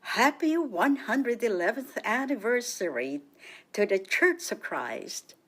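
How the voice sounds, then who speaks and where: A woman leads a radio language lesson in a bright, sing-song teaching voice. She speaks very slowly and draws out each word for listeners to repeat. Her pitch swoops up and down in a lively way. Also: breathy edge. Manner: cheerful, sing-song teaching delivery with drawn-out repetitions. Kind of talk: slow, clearly enunciated language lesson.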